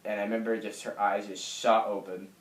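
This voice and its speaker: A young man in his late teens speaks in a fairly low, soft voice, picking his way through a personal story with many pauses and fillers. The sound is roomy, with the echo of a bare room at home. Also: little pitch movement. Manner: soft, halting, lots of fillers. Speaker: vlogger. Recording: echoey room.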